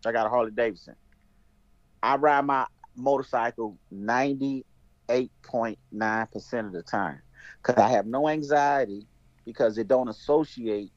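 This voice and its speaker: A man on a podcast, animated, acting out the lines of people in his stories. His voice sounds dry and close, with a slightly dull, muffled tone. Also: medium pitch, measured pace, no room sound. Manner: animated storyteller, acts out dialogue. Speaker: podcast guest, veteran. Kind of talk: casual chat.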